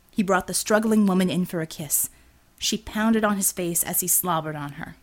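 A woman reading an action novel aloud as audiobook narrator, steady and expressive. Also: lowish voice, moderate pace. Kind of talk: scripted narration.

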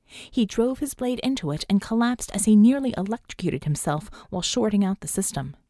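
A woman's voice: mid-range voice, lively intonation, a little fast, mellow, no room sound, clean studio sound. A woman narrating an audiobook in a tense, dramatic reading. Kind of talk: scripted narration.

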